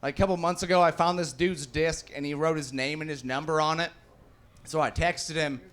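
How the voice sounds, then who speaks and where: Fairly high-pitched, steady, and brisk, this comedian's voice has a clean, slightly bright tone. In his thirties, he delivers a casual club set to a live crowd, cursing freely and acting out the people in his stories.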